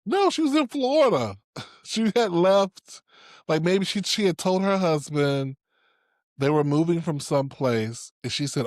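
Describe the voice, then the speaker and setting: Recorded dry and at studio quality, this man's voice sits on the high side and moves a little slowly. He's a podcast co-host swapping casual stories, animated and laughing frequently.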